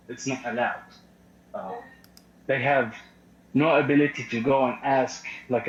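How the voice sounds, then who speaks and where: A man from the Middle East calling in from a gym, out of breath, earnest and halting. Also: medium pitch. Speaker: caller. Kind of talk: casual call-in comment. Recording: muffled echoey call audio.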